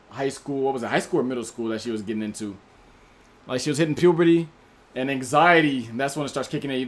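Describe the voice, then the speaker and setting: A man hosting a casual livestream, reading out viewers' names and chatting in about their movie picks. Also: medium pitch. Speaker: livestream host.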